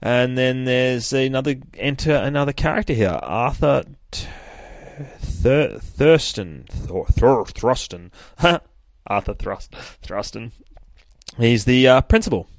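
A man's voice: medium pitch, sing-song, a little slow, no room sound. A man hosting a podcast, chatting casually about a comic, swearing freely and acting out characters' lines. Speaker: podcast host reviewing a comic. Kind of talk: casual chat. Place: home, rain heard outside.

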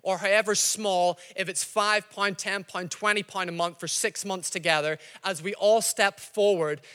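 A man leading his church, making an emphatic appeal for giving and the church's vision, rising to shouts on key phrases. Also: high-pitched, fairly even intonation, normal speed, clean tone. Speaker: church leader. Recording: long hall reverb.

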